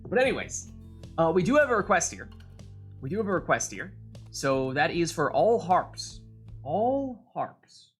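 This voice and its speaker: Male livestream host, animated and slightly high, casual game casting with faint music underneath. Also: a little slow, slightly rough. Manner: upbeat, chatty, checks in with players. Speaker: stream host and caster.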